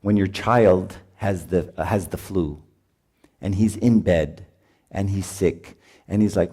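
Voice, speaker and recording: A middle-aged man preaching at a retreat in an animated way, acting out voices of parents and children as he teaches. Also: low-pitched, slow. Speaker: priest. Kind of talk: retreat sermon.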